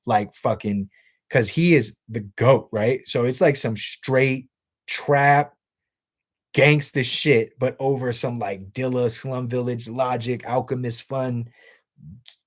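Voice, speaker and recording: A man in a casual livestream chat, answering viewers off the cuff. He swears freely and rambles in loose, blunt sentences. His voice sits at an ordinary middle pitch. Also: takes it slowly.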